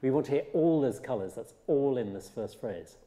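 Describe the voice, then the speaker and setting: A man teaching a cello master class, coaching a student with lively, detail-fussy remarks. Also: mid-range voice, moderate pace. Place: concert hall. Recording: reverberant hall with music.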